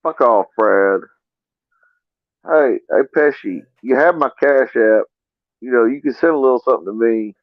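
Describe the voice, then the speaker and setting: A man's voice: mid-range voice, brisk, no echo. A man co-hosting a stream, joking crudely and putting on mock voices. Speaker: stream co-host. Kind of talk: casual stream chat. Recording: dull dry call audio.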